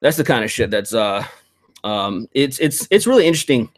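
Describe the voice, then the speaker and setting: A male host in a loose, casual chat, venting and swearing freely as he tells his stories. His voice sits at an ordinary middle pitch, and his delivery is animated and quick to get heated. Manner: profane, animated ranting. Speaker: podcast host.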